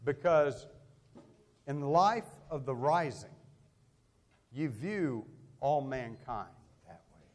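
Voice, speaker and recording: A man's voice: medium pitch, expressive, slow, pauses often. A man preaching a sermon, telling stories with animation and acting out the voices of the people in them. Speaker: pastor.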